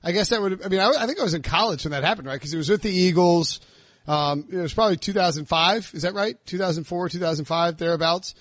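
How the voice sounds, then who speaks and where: A man's voice: high voice, fast, fairly bright tone, dry recording. A man in his thirties hosting a casual sports podcast and teasing his co-hosts. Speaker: podcast host.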